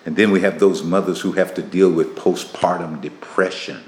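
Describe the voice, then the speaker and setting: A man hosting a casual faith-based interview, animated and teasing, laughing often. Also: deep voice, normal speed. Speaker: interview host. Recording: echoey room with faint noise.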